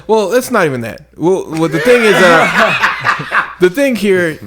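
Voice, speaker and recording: A man's voice: high voice, sing-song, takes it slowly, heavy background noise. A man co-hosting a podcast in casual chat, blunt and profane, often laughing as he makes his points. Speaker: podcast co-host.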